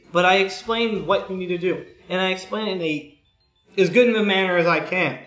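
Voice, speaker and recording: A young man with a monotone voice chatting bluntly and profanely on a livestream, often clearing his throat. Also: high-pitched, normal speed, reverberant, soft background music. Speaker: streamer, school IT worker. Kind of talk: casual chat on a livestream.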